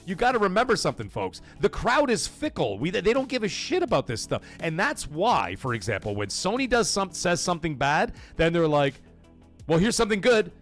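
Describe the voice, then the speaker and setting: A man's voice: a little high, wildly swooping pitch, brisk, hardly any pauses, fairly bright tone, soft background music. A man hosting a live gaming podcast stream, ranting profanely and greeting his chat by name.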